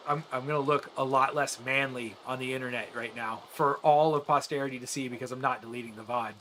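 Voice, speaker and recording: A man's voice: medium pitch, fairly even intonation, fairly quick, hardly any pauses, a bit bright, slight background noise. A man streaming a game and chatting earnestly with his viewers, rambling with frequent restarts. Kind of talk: casual chat with live viewers while gaming.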